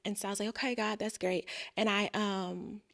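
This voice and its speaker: A woman guest on a podcast telling a personal, emotional story in conversation, earnest and animated when she quotes others. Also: medium pitch, normal speed, vocal fry. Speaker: podcast guest, business owner.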